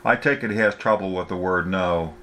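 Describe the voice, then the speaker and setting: A man's voice: low voice, brisk, bright, forceful tone, a little hiss or hum, pitched below the performer's own voice. A man reading a story, voicing a guarded, dry-humored young man driving a stranger. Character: young man, wary reluctant driver.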